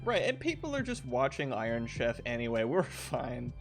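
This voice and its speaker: A man's voice: medium pitch, wildly swooping pitch, moderate pace, creaky, faint music behind. Casual joking streamer man, medium voice. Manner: joking, laughs often. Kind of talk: casual chat while playing a game.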